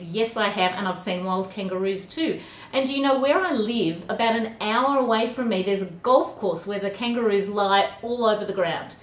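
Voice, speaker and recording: A woman's voice: medium pitch, echoey room. An Australian woman talking chattily to a class of kids, upbeat and teacherly. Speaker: vlogger answering kids' questions. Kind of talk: casual video message to a class.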